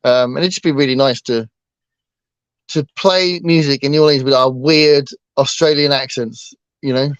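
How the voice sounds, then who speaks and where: A man's voice: medium pitch, steady tone, moderate pace, clean tone, no echo. Guy rambling on in a casual book chat, lots of ums, muffled and kinda dry. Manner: rambling, with many fillers and restarts. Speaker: booktuber co-host.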